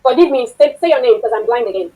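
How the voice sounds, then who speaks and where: A woman's voice: fairly high pitch, animated, quick pace, mellow, low-quality recording. A woman instructor giving a chatty online workshop lecture, often laughing and asking the class questions.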